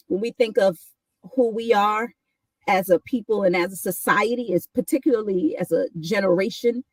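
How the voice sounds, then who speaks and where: A woman's voice: medium pitch, husky, no room sound, recorded from a distance, rough recording. A woman from New York, a guest on a talk show, speaking reflectively with many restarts and "right?" asides. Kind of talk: casual conversation.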